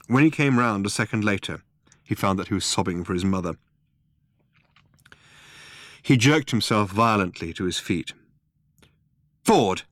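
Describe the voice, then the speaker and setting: Low-voiced man reading a comic novel. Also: no room sound, studio quality. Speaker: audiobook narrator. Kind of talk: scripted narration.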